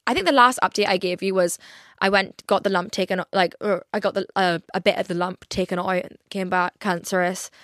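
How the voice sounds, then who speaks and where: A woman's voice: medium pitch, steady tone, fairly quick, a bit bright, no echo. Rambling young woman, dry sound. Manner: rambling, lots of "like" fillers, frequent swearing. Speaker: podcast host. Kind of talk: casual solo podcast chat.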